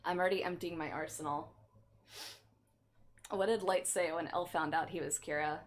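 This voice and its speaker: A woman's voice: fairly low pitch, steady tone, normal speed. A woman livestreamer chatting casually with her chat in a playful, teasing, mock-offended way.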